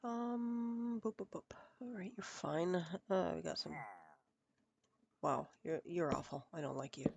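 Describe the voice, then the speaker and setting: A woman's voice: on the low side, unhurried, gravelly, heavy background noise. A woman streaming a building game, chatting and muttering to herself as she works, her nose stuffed up from a cold. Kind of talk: casual live gameplay commentary.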